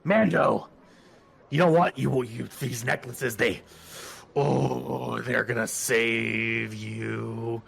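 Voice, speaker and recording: A man voicing a desperate pig-nosed male alien peddler who shouts and rambles as he begs passersby to take his necklaces. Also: mid-range voice, very slow, vocal fry, heavily acted. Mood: rambling.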